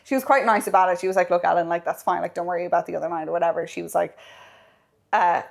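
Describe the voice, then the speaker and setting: Animated storytelling woman podcaster. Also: lowish voice, very fast, creaky. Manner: animated, acts out quoted lines, swears casually. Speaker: podcast co-host. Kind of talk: casual storytelling chat.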